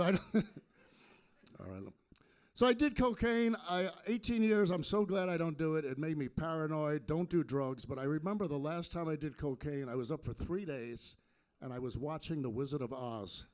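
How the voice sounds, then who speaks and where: A high-pitched man works a comedy club crowd with a stand-up set. He lands his punchlines in a deadpan way, speaking into a handheld stage mic. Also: normal speed. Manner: deadpan punchline delivery with sung parody bits.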